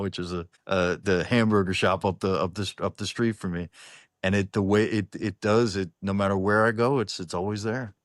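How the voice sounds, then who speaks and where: A singer-songwriter talking in a casual online interview, rambling with many restarts and some swearing. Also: male voice, low-pitched, steady tone, normal speed, no room sound, studio quality. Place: New Orleans-based. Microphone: online interview call.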